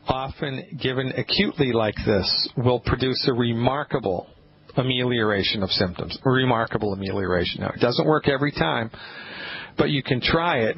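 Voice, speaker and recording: A man hosting a radio call-in show, talking casually and emphatically, often restarting his sentences. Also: medium pitch. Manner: emphatic, rambling, with frequent restarts. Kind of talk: casual call-in advice talk. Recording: muffled lo-fi radio broadcast with faint hiss.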